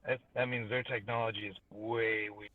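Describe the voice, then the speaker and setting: A man's voice: on the low side, flat delivery, moderate pace, dry recording. Male player, casual and offhand, heard on a dull distant mic. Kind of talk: casual game chat.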